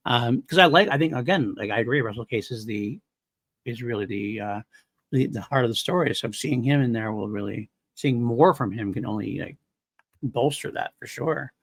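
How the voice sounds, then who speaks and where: A man co-hosting a podcast, chatting enthusiastically about a movie and quick to agree. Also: mid-range voice, no room sound. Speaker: podcast co-host. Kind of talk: casual movie chat.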